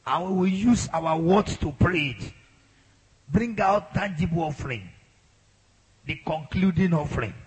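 A man preaching a sermon as a pastor, leading a congregation in loud, exhorting prayer. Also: fairly high pitch, expressive, unhurried, pauses often, husky.

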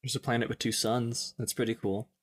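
A man's voice: medium pitch, little pitch movement, a little fast, slightly rough. A man co-hosting a casual podcast, joking around and riffing on words and names. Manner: jokey, riffs on words and names. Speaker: podcast co-host. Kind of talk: casual chat.

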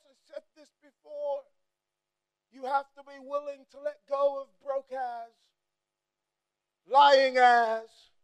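A woman preacher delivering a fiery sermon to a congregation, swinging between shouted, repetitive exhortations and sassy asides. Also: sits high, clear, resonant tone.

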